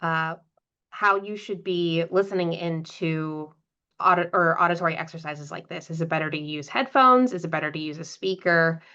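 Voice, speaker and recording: A woman's voice: low-pitched, normal speed, pushed and bright, clean tone. A woman co-hosting a webinar, hesitant and filler-laden as she passes along questions. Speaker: webinar co-host. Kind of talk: webinar moderation. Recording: muffled lo-fi audio.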